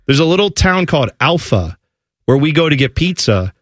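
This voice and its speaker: A man on sports radio, bantering in a playful, story-driven way with a slightly high voice. The sound is close and dry, straight from the studio mic. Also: moderate pace, dry recording. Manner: animated, joking storyteller.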